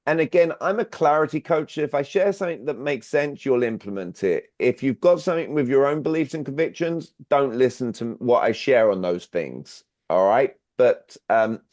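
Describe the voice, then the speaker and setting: A man's voice: medium pitch, lively intonation, moderate pace, hardly any pauses, darkish tone, no room sound. A man, a clarity coach, leading an online workshop and constantly asking the audience questions. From Britain. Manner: engaging, asks the audience frequent questions. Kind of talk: interactive online workshop talk. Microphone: video call. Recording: dry, slightly dull video call audio.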